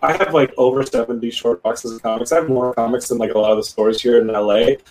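A man from Texas hosting a podcast, chatting casually with a guest in an excitable, joking way full of "like" and "dude". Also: medium pitch, quick pace, slight background noise, poor audio. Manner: excitable, joking, loose filler-heavy talk. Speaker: podcast host. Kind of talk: casual interview chat.

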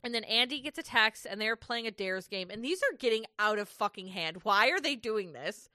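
A woman's voice: fairly high pitch, animated, moderate pace, bright, forceful tone, no room sound, studio quality. A woman co-hosting a casual recap podcast, ranting, swearing and laughing as she goes. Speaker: podcast co-host.

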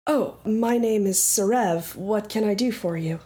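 Woman voicing a soft-spoken young tiefling barkeeper. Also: mid-range voice, a little slow, natural voice. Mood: polite. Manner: courteous, soft-spoken service tone.

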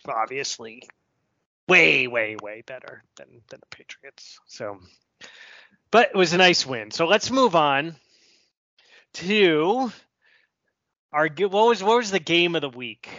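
A man with a bright, forceful voice leads a casual sports chat, joking and laughing between his points. The recording is dry and slightly dull, with a lo-fi podcast sound. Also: medium pitch, no room sound. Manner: chatty and joking, laughs often. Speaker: podcast host. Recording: slightly muffled lo-fi podcast audio.

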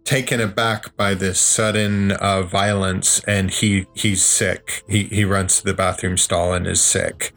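Casting: low, gravelly player, husky, easygoing. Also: male voice, little pitch movement, unhurried, hardly any pauses, a bit bright. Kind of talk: tabletop game narration.

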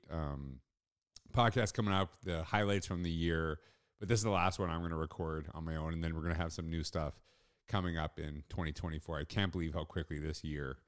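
A man's voice: low voice, clean tone. A middle-aged man hosting a solo podcast, telling a personal story in a casual, rambling way with restarts. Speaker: podcast host.

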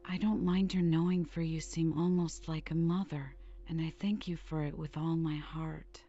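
A woman reading a hushed, sheepish boy. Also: deep voice, fairly even intonation, moderate pace, dull audio, soft background music. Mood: confiding. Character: sleepwalking motherless teenage boy, playful.

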